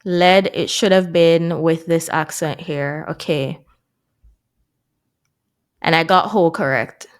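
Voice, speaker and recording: Taking it slowly and pausing often, a woman with a low, clear, resonant voice and fairly even intonation chats casually with her viewers. She's vlogging her way through a language course and laughs at her mistakes.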